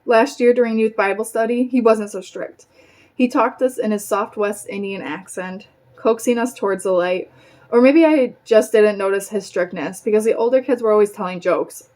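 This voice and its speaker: Brief: woman, mid-pitched, plain unhurried read-aloud of a novel, the odd slip. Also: darkish tone. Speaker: reader.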